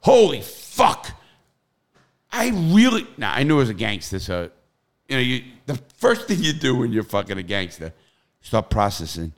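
A middle-aged man telling profane, animated stories in casual podcast chat, with loud bursts. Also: on the low side, fairly quick, gravelly.

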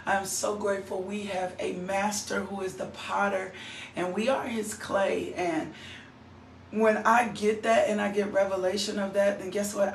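A woman's voice: mid-range voice, flat delivery, measured pace, creaky. A woman preaching an online devotional, fervent and greeting viewers by name. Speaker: minister hosting an online devotional. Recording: roomy, distant mic with faint noise.

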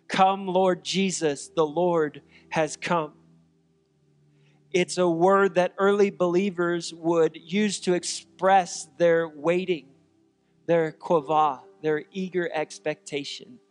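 A man preaching from the pulpit in an earnest, emphatic manner, leaning on repeated refrains. His voice sits a bit high and moves slowly and deliberately. It rings with a long hall reverb over faint music. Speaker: pastor. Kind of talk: sermon.

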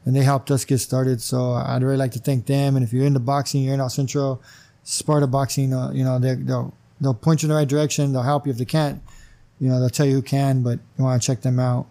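A man's voice: medium pitch, fairly quick. A man, a wrestling commissioner and gym owner, telling a story as a podcast guest, acting out conversations with lots of "you know" fillers. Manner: animated storyteller who acts out dialogue, many "you know" fillers. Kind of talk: casual storytelling interview.

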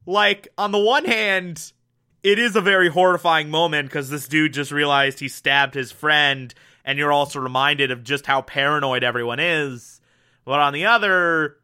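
A man's voice: fairly high pitch, bright, forceful tone, clear, resonant tone. A young man casually reviewing a TV episode, enthusiastic and rambling, with lots of fillers and mild swearing.

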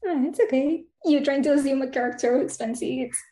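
A woman's voice: high voice, fairly quick, dark tone. A woman interviewing on a casual podcast, friendly and encouraging, asking questions with short backchannels. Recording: echoey room sound.

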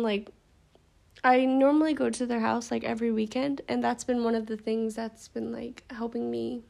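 A woman's voice: on the high side, gravelly. A young woman hosting her own podcast, talking casually with lots of fillers, fighting back tears. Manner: halting, filler-heavy, tearful and emotional. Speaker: podcast host. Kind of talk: casual personal podcast monologue.

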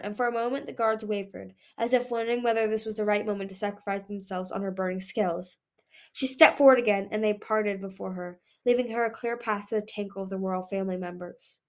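A woman narrating a fantasy novel as an amateur audiobook reader, stumbling and restarting words now and then. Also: mid-range voice. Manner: reads with frequent slips and restarts.

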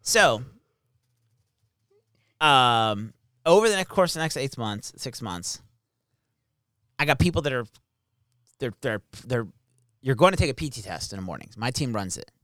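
Recalling his time as an army captain, a man chats casually and animatedly, cursing freely and repeating what people said in his stories. He speaks at a medium pitch and a measured pace, pausing often. The studio sound is clean and dry.

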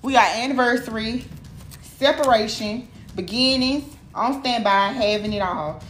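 Woman tarot reader, cussing and animated, fairly high voice, recorded in an echoey room with noise behind her. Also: unhurried. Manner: profane, animated, talks straight to viewers. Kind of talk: casual tarot reading vlog.

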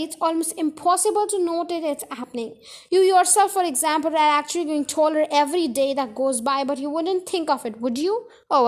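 A woman hosting a storytelling podcast, reading a children's book aloud in a chatty way, often correcting herself. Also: very high-pitched. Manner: chatty, self-correcting with little apologies. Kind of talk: casual read-aloud storytelling.

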